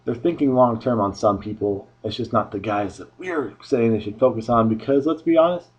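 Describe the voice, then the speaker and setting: A man's voice: mid-range voice, moderate pace, breathy edge, highs cut off. A man giving a casual solo review of a wrestling show, rambling offhand with frequent restarts.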